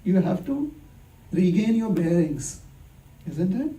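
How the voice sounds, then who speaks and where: High-voiced man preaching in an echoey hall. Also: slow pace. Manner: lively storytelling with rhetorical questions and acted-out dialogue. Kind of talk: conversational sermon. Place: temple hall. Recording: echoey hall, distant mic.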